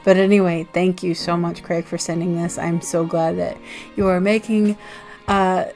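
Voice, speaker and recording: A woman's voice: fairly low pitch, level tone, normal speed, a little mellow, soft background music. An American woman chatting casually in a vlog, rambling and laughing often as she goes. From United States. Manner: rambling and giggly. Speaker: zine vlogger.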